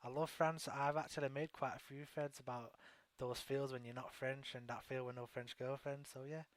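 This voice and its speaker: Blunt joking host, dry sound. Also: male voice, medium pitch, flat delivery, moderate pace, no room sound. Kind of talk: casual talk show chat.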